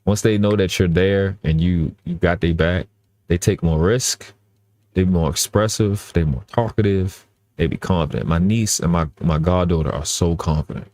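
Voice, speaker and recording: A man's voice: low-pitched, normal speed, a little mellow. A man talking earnestly in casual live-stream chat, often restarting and repeating his phrases.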